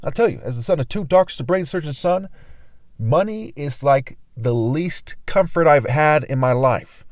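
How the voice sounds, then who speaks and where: A young man preaching a ranting video sermon, reading scripture with intensity, dropping from loud outbursts to low mutters. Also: expressive, normal speed, no room sound, clean studio sound. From California. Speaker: online preacher.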